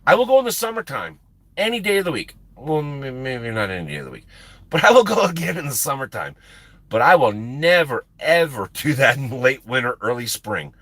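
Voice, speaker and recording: Trucker host, forties, rambling emphatic chatter, dry close mic. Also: male voice, mid-range voice, very animated, brisk, fairly bright tone, no room sound. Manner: rambling, emphatic, repeats words for effect. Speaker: livestream host and truck driver. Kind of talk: casual chat with stream viewers.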